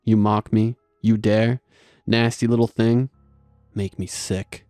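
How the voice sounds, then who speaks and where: A man's voice: on the low side, flat delivery, takes it slowly, warm tone, dry recording, clean studio sound, soft background music. A man voicing a spiteful monstrous male creature that screeches, spits and talks in broken phrases. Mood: snarling. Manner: screeching, spitting, broken grammar.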